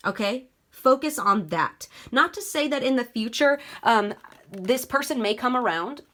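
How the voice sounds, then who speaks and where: A woman's voice: on the high side, lively intonation, unhurried, bright, forceful tone. A woman giving a casual tarot reading, talking straight to her viewers and swearing freely. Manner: chatty, swears freely, addresses viewers directly. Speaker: tarot reader.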